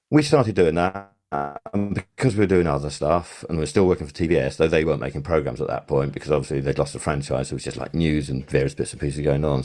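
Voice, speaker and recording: Older male guest, deep and mellow voice, chatty storyteller who restarts often. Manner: rambling anecdotes with many fillers and restarts. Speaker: podcast guest, sound supervisor. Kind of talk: casual interview.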